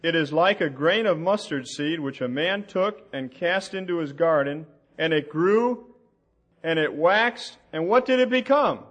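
A man teaching a sermon from the Bible, slow and deliberate, asking the audience questions as he reads out passages. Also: on the high side, a bit bright, lo-fi sound. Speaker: preacher.

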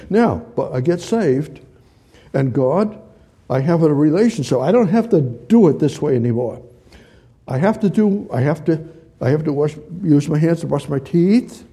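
In a slightly high, warm voice with a breathy edge, a preacher reads scripture aloud and keeps circling back to the same phrases. He puts questions to the audience and gestures as he teaches.

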